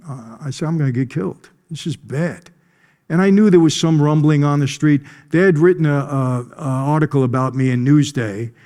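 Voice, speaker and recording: Mellow-voiced man telling a gripping story. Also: medium pitch, long reverb tail. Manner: emphatic, conversational, often clears throat. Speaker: conference speaker. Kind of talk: personal storytelling talk. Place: conference stage.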